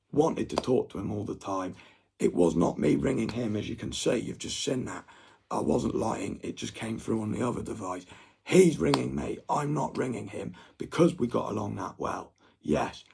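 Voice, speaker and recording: A man's voice: mid-range voice, vocal fry, darkish tone, husky. A young adult man, ranting at viewers in a rambling, sweary monologue. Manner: agitated, sweary rant.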